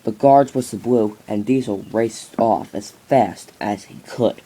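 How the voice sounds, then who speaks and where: A man's voice: fairly low pitch, measured pace, mellow, slightly rough. A man improvising narration of a toy train story, rambling with many restarts and fillers.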